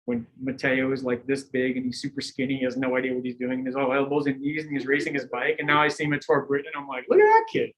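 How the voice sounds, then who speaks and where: A man's voice: medium pitch, fast talker, hardly any pauses, low-quality recording. Middle-aged man telling coaching stories. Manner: animated storytelling, acting out quotes, laughing. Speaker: cycling coach giving a lecture. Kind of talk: lecture with anecdotes.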